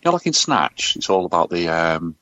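A lively, low-pitched man, trading crude jokes with fast comebacks. His voice sounds bright and pointed, with big swings in pitch. The recording is dry and slightly dull. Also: no room sound. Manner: animated, jokey, quick comebacks. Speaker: podcast co-host. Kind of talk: crude comedic banter.

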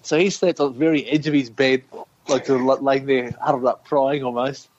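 A man's voice: medium pitch, fairly quick. Man telling a wild story, lo-fi. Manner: animated anecdote teller, swearing, laughing, acting out quotes. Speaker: podcast co-host. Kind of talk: casual storytelling chat. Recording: slightly dull lo-fi sound with faint noise.

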